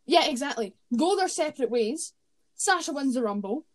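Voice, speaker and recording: A woman's voice: high voice, expressive, moderate pace, noisy background. Chatty opinionated woman podcast co-host. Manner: chatty, opinionated, rambling with self-corrections. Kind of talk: casual wrestling review chat.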